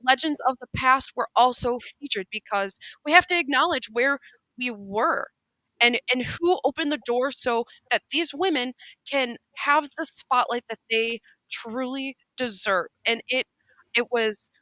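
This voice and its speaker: Bright-voiced woman talking with heartfelt emphasis. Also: sits high, measured pace, no echo, low-quality recording. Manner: heartfelt, emphatic, many restarts. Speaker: co-host. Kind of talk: casual podcast chat.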